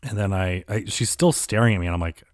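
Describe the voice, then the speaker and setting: A man's voice: sits low, quick pace, no room sound, clean studio sound. A man riffing sarcastically through a year in review, rambling and swearing with constant fillers. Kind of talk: casual year-in-review commentary.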